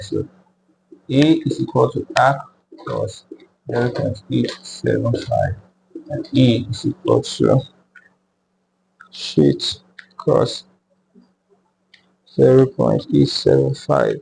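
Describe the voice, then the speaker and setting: A man slowly working through a math tutorial step by step, repeating each number aloud as he goes. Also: medium pitch, lively intonation, vocal fry, dark tone, a little hiss or hum, low-quality recording. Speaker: math teacher.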